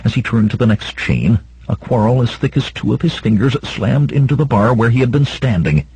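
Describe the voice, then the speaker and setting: A man's voice: medium pitch, expressive, fairly quick, slightly rough, dry recording, rough recording. A man narrating an audiobook in a dramatic reading style. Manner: dramatic, voices shouts of characters. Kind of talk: scripted narration.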